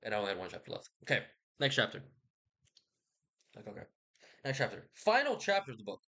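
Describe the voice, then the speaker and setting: A man's voice: mid-range voice, huge pitch swings, fast talker, sharp tone. A man giving a casual, rambling book recap in a loose, slangy, profane way, full of jokey asides. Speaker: book vlogger.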